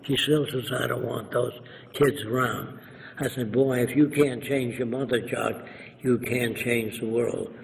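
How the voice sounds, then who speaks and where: An older man from New York, being interviewed, lectures through his anecdotes and acts out the voices of others. He speaks a little slowly in a gravelly, medium-pitched voice with fairly even intonation, recorded in an echoey room with a faint hiss.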